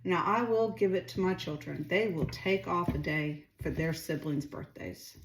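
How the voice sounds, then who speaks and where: A woman's voice: lowish voice, moderate pace, echoey room, slight background noise. A middle-aged woman chatting casually while she cooks, rambling and asking viewers questions. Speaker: home cooking vlogger. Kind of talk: casual chatty cooking vlog. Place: home kitchen.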